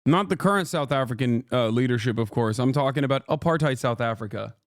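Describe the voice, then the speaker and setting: A man's voice: medium pitch, a little fast, dry recording, clean studio sound. A man streaming live, commenting on clips in a rambling, emphatic way and talking to his chat.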